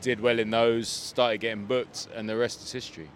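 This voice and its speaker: Out on a street, a comedian and rapper chats as a guest in a casual interview, telling his story in a relaxed way with lots of "like" fillers. His mid-range voice moves at normal speed, with a little hiss or hum.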